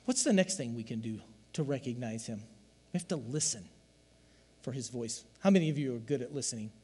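A man preaching a sermon as a pastor, swinging from loud emphatic lines to hushed, quiet asides. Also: mid-range voice, lively intonation, a little fast, breathy edge, big-room sound.

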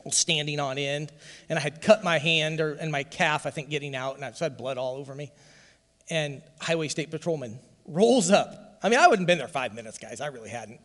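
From the pulpit, a male pastor delivers a heartfelt sermon testimony, his somewhat high voice rising to loud emphasis at a slightly fast pace. The church hall adds a long reverb.

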